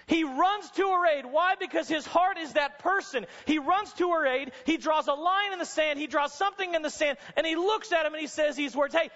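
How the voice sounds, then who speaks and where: A man preaching a sermon to college students, telling stories dramatically and sometimes rising to a shout. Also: very high-pitched, a little fast, few pauses. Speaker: chapel speaker. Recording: dull sound with long hall reverb.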